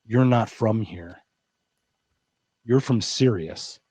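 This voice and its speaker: A man voicing a calm, solemn male psychic healer who speaks in hushed, measured phrases. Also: on the low side, husky, no room sound, pitched below the performer's own voice, heavily acted.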